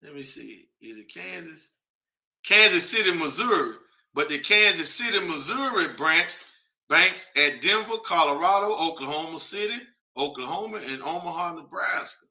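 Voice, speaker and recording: Male host, casual broadcast, slightly high and very bright tone, chatty, reads aloud as he thinks. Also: expressive, moderate pace. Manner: thinks aloud while reading a list off a map; speaks directly to viewers, chatty and informal.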